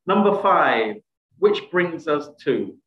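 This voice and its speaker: A man's voice: a little high, big pitch swings, slow pace, fairly bright tone. A man teaching a presentation skills workshop over a video call, quizzing participants and praising their answers. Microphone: video call microphone. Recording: echoey, dull video call audio.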